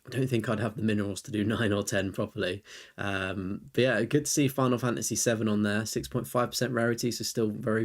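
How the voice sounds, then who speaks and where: A young man chatting casually on a live stream, rambling as he reviews viewers' lists and answers chat. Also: on the low side.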